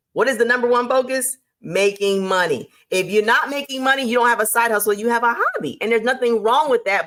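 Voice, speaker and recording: A woman hosting a motivational talk on business, lively and emphatic, laying out her points like a teacher. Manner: lively and emphatic, with sudden jumps in pitch; teacherly, lays out numbered points. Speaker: host.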